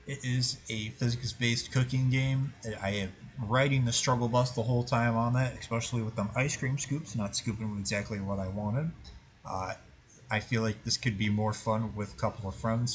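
A man's voice: fairly low pitch, fairly even intonation, normal speed, slight background noise, poor audio. A man hosting his own gaming channel, muttering and cursing to himself through a game, then wrapping up with commentary for viewers. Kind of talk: gameplay commentary.

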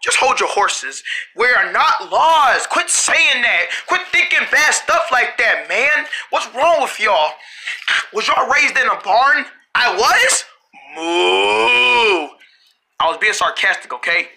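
A cartoon creator voicing every character in a family road-trip cartoon, with frequent shouting and screams. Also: medium pitch, unhurried. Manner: shouting and screaming often, animated. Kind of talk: one-person cartoon dialogue.

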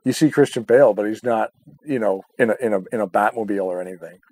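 A man's voice: on the low side, fast talker, darkish tone. A man co-hosting a casual chat, swearing a lot, laughing often and acting out his own reactions. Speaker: podcast co-host.

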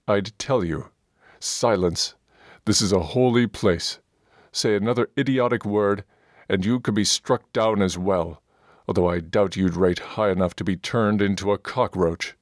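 A man voicing a gruff, bullying male dwarf priest in an audiobook, scornful and pompous. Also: on the low side, steady tone, a little slow, no room sound, studio quality, lightly acted.

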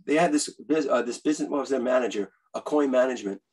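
Husky-voiced New man telling stories. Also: medium pitch, fast, low-quality recording. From Bronx, New York. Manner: animated, eager storyteller who acts out quotes. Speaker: guest author and musician. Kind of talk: casual interview storytelling.

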